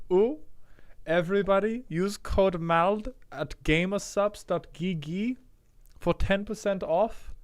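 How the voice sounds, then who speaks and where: A man voicing a refined, polite undead male scientist with a put-on vaguely European accent and a fussy, drawn-out way of speaking. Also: high voice, clear, resonant tone, voice pushed up.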